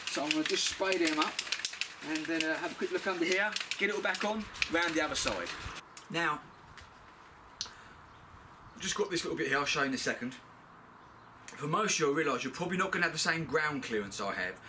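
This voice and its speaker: Working on his own car, a middle-aged DIY mechanic vlogger from Britain gives casual how-to commentary in a British accent, blunt and full of swearing. There's background noise behind his slightly high male voice.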